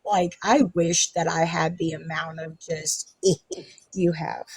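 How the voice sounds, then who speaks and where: A woman's voice: low voice, fairly even intonation, slow pace, gravelly, breathy edge, no room sound. A woman hosting a casual live stream, ranting defensively and sarcastically, swearing often. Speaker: livestream host.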